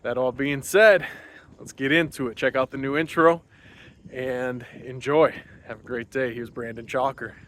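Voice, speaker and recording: A man's voice: mid-range voice, fairly even intonation, normal speed, a bit bright. Male podcast host, casual rambling intro recorded while walking outside, slightly winded, faint background hiss. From Wisconsin. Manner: loose, rambling, many fillers. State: a little out of breath. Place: outdoors on a morning walk.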